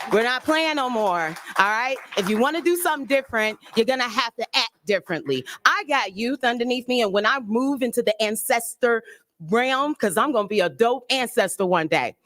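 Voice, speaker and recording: A woman's voice: mid-range voice, fairly bright tone. A middle-aged woman giving an impassioned public speech at a remembrance ceremony, emphatic and urging, in short punchy phrases.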